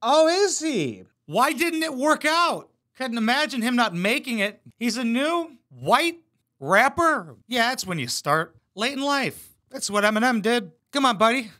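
A man's voice: extremely high pitch, very animated, unhurried, sharp tone. A man hosting a reaction video, roasting clips with sarcastic, profane commentary. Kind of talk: mocking commentary over clips.

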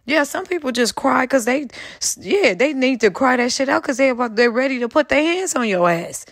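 A woman's voice: high voice, animated, moderate pace, fairly bright tone, dry recording, clean studio sound. Fired-up woman ranting to her viewers. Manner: angry, profane, talks straight to viewers. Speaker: commentary channel host. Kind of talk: heated casual commentary.

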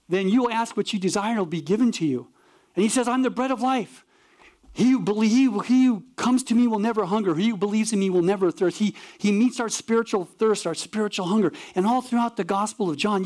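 A male pastor with a notably high-pitched voice delivers a sermon to his congregation. He talks with animated energy, slipping into the voices of the people in his stories. His key points land in short, emphatic bursts. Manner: animated storytelling, acts out dialogue; emphatic, punchy preaching.

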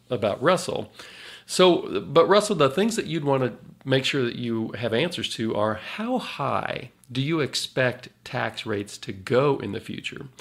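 A man, a financial advisor on a podcast, chatting in a relaxed way with chuckles and then explaining retirement planning. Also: medium pitch, gravelly. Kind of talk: casual podcast chat.

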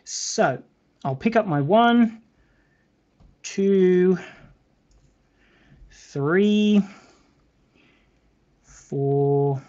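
Speaking very slowly and pausing often, a British man with a high, warm voice and lively intonation runs a live beading tutorial. He chats with viewers and counts beads aloud, all captured in slightly dull lo-fi sound.

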